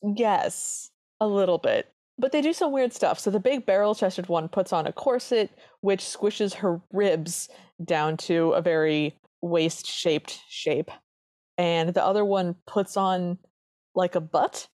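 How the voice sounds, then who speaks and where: A woman's voice: fairly low pitch, takes it slowly, darkish tone, no echo, clean studio sound. A woman co-hosting a podcast, chatting earnestly as she reviews an old cartoon. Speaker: podcast co-host. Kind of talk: casual chat reviewing a cartoon.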